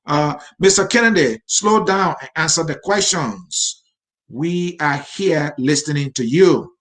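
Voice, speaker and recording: Man, interview host, firm, slightly high voice. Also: measured pace, fairly bright tone. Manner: stern, scolding viewers. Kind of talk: live online political interview.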